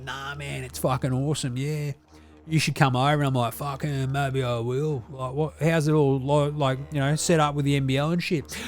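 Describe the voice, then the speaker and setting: A man's voice: fairly high pitch, natural voice. A man voicing a crude, boisterous dad with an Australian accent who swears freely and talks in heavy slang. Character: crude, rowdy Aussie bloke dad.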